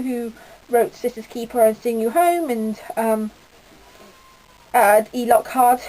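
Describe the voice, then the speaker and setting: A woman's voice: on the high side, darkish tone, low-quality recording. A teenage girl from the UK giving a rambling, gushing casual book review with lots of fillers. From United Kingdom. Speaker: book vlogger.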